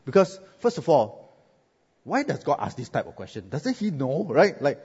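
Lively preacher with a Singaporean English accent. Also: male voice, a little high, normal speed, breathy edge. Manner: lively, joking, asks the crowd "right?". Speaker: pastor. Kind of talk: sermon. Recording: muffled sound with long hall echo.

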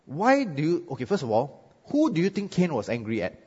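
A male pastor with a Singaporean English accent preaches, his voice a bit husky and swinging widely up and down. He jokes and checks in with the crowd. The sound is muffled, with a long hall echo. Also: a little high, a little fast. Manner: lively, joking, asks the crowd "right?". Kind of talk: sermon.

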